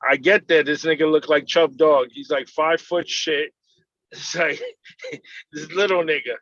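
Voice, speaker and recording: A man's voice: fairly high pitch, fairly even intonation, a little slow, a bit bright, dry recording, dull audio. A laid-back man telling a story in a casual podcast chat over a video call, quoting dialogue.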